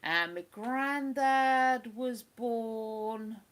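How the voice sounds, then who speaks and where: A woman from England hosting a casual livestream chat, rambling and cooing softly to her dog between remarks. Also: fairly high pitch, extremely slow. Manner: chatty, drops to soft cooing baby talk with her dog. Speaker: livestream host.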